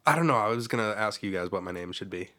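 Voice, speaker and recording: A man's voice: on the low side, lively intonation, quick pace, sharp tone. A man co-hosting a podcast, joking crudely and rambling in casual banter with his friends. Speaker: podcast co-host.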